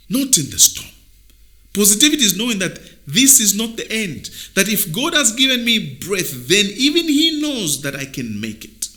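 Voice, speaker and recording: Bright, animated motivational male host. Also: a little high. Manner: emphatic and preacher-like, swinging from soft to loud. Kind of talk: motivational talk.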